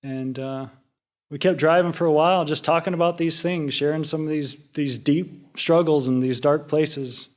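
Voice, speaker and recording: A young man, a junior Buddhist monk, tells a personal story in a relaxed, rambling way. He uses many fillers and restarts. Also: on the high side, normal speed. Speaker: junior Buddhist monk giving a Dhamma reflection. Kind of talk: casual personal storytelling talk.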